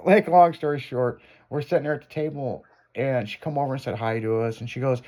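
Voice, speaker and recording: A man's voice: mid-range voice, a little fast, mellow. A man hosting a radio show, spinning a raunchy tale in loose, profane chat. He curses constantly and breaks into laughter as he talks. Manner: profane, laughing through his story. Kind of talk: crude casual storytelling. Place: radio studio.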